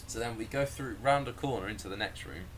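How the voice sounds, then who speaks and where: A man telling a story casually, animated and sweary, often laughing and acting out the scenes. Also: medium pitch, fast, a little hiss or hum.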